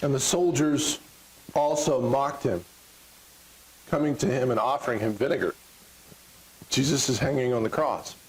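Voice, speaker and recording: A man's voice: mid-range voice, normal speed, pauses often, poor audio. A middle-aged man with a Texan accent, preaching a sermon in a church, joking and acting out voices of the crowd. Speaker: pastor. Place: church sanctuary.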